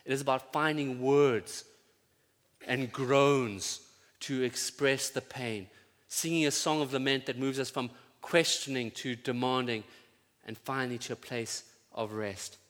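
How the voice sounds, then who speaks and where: A pastor preaching a sermon to his congregation, building to loud fervent peaks and then dropping to quiet, tender prayer. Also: mid-range voice, fairly even intonation, a little slow. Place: church. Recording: church sound with long reverb.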